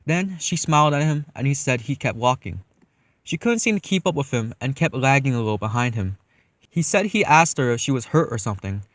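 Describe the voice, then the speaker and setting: A young man narrates a first-person horror story casually and matter-of-factly, swearing freely. His voice is medium in pitch with no room sound, and faint eerie music plays in the background.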